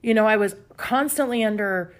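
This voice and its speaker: A woman's voice: mid-range voice, normal speed. A woman hosting a self-help podcast, speaking candidly and confessionally from home. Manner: candid, confessional, with soft laughs. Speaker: podcast host. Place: home with pets nearby.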